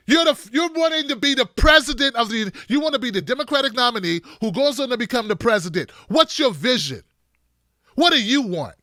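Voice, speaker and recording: A male political commentator with a high, bright voice, talking in an animated, sarcastic way with a lot of emphasis. The sound is dry and close, with no room echo. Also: normal speed.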